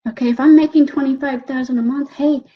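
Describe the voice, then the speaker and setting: A woman giving an animated motivational talk, coaxing the listener and often checking in with "okay?". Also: high-pitched, quick pace. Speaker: motivational speaker. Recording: dull lo-fi recording.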